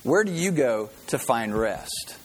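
A man's voice: mid-range voice, sing-song, slow, a little hiss or hum. A man preaching a sermon as pastor, a folksy, joking storyteller who greets visitors and tells a funny story before his message.

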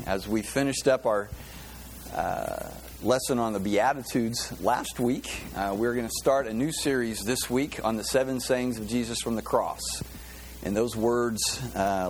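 A pastor giving a sermon in a loose, conversational way, with many fillers and restarts. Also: male voice, mid-range voice, slight background noise. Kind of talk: sermon with a joke.

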